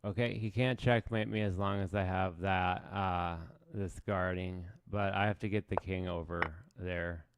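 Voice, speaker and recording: A man's voice: low voice, fairly even intonation, measured pace, hardly any pauses, background noise. A man streaming chess live, thinking aloud as he plays in a casual, self-mocking way. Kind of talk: casual live game commentary.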